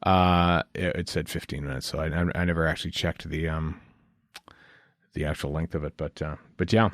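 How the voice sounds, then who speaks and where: A man's voice: very deep voice, fairly even intonation, normal speed, a bit bright, dry recording. A man co-hosting a casual fan podcast, rambling with self-deprecating asides. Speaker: podcast co-host.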